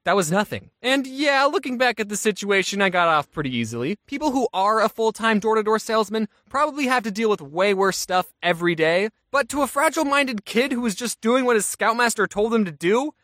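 A man's voice: sits high, animated, a little fast, few pauses, sharp tone, no echo, clean studio sound. A young adult man, a YouTuber, telling a comic storytime in a wry, self-mocking way. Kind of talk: animated storytime.

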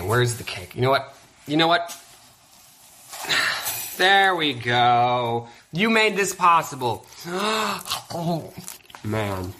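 Male YouTuber, jokey and mock-sincere, bouncy animated delivery, faint background hiss. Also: fairly high pitch. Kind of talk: casual vlog.

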